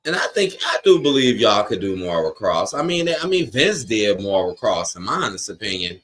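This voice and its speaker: A man's voice: lowish voice, very animated, moderate pace, fairly bright tone, slight background noise. A man hosting a live watch-along stream, chatting casually and reading out viewer comments. He talks in blunt, slangy, opinionated bursts, straight to his chat.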